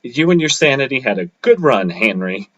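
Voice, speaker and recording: A man's voice: medium pitch, sing-song, moderate pace, a bit bright, lo-fi sound. A man reading aloud, voicing a crude, sarcastic male spirit that speaks from a magic knife. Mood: mocking. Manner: mocking, profane.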